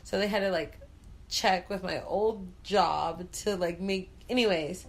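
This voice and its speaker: A woman hosts a talk show as a bubbly, chatty storyteller, speaking frankly and swearing freely in casual conversation. Her voice is on the low side and unhurried.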